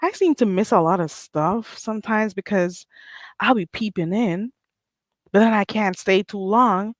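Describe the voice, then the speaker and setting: A woman's voice: mid-range voice, unhurried, dry recording, rough recording. A woman hosting a livestream in casual chat, rambling and laughing easily as she talks. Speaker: livestream host.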